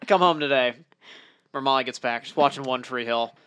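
A man's voice: mid-range voice, fairly quick, sharp tone, clean tone, no room sound. A young man co-hosting a podcast, teasing and joking in casual chat. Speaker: podcast co-host.

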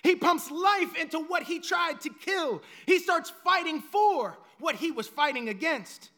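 A male pastor preaching a sermon dramatically and emphatically, dropping to hushed lines and then rising to loud ones. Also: very high-pitched, lively intonation, unhurried.

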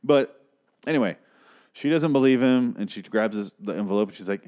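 A young man with a somewhat low voice, chatting through an episode recap. He rambles, curses often and works himself up, stumbling over his own explanations. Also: brisk. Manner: excitable, profane, loses his train of thought. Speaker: podcast host recapping an episode.

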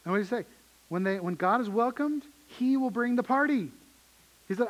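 A man's voice: extremely high pitch, animated, brisk, lo-fi sound. A man preaching a sermon as pastor, earnest and emphatic, often repeating his phrases.

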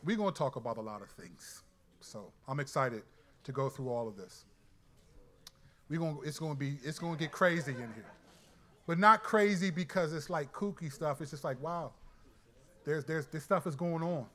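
Brief: male Bible teacher, animated and colloquial, high, forceful delivery. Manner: excitable, colloquial, quick restarts. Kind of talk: animated sermon-style teaching.

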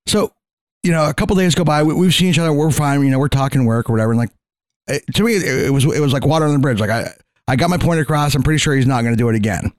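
Fast-talking profane man telling stories. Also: a little high, dry recording. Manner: profane, animated, quotes others in his stories. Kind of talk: casual chat, storytelling.

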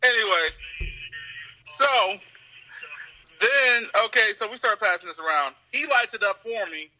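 A man telling a story in a casual podcast chat, animated and swearing freely. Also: high voice, measured pace, poor audio.

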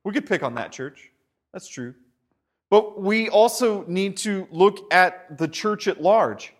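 A man preaching a sermon with animated delivery, stumbling over repeated words and often asking "right?". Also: sits high, takes it slowly. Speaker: pastor.

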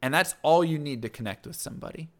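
A man talking in a casual conversation, energetic, often checking in with "right?" and acting out little quoted lines. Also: on the high side, fast.

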